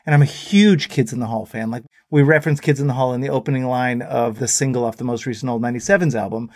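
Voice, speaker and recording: A man's voice: medium pitch, quick pace, no room sound, clean studio sound. A middle-aged man, a musician guest, telling anecdotes in casual chat and often laughing as he talks. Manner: animated storyteller who laughs often.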